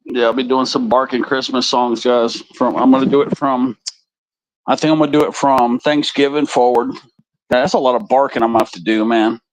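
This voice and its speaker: A man's voice: mid-range voice, fairly even intonation, brisk, poor audio. A man hosting a live stream, chatting casually and crudely to his viewers in a rambling way. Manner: rambling, crude, talks straight to the chat.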